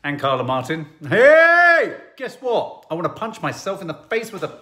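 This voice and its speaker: A man's voice: on the high side, animated, fast talker, a bit bright, echoey room. A man co-hosting a casual family livestream, reading out viewer comments and cracking jokes. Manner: playful, jokey, full of trivia.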